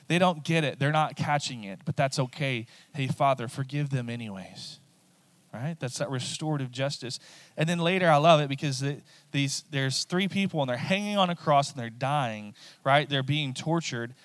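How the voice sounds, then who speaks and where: A man's voice: mid-range voice, fairly bright tone, no room sound. A male pastor preaching a sermon in a conversational way, repeating phrases and often checking in with "right?".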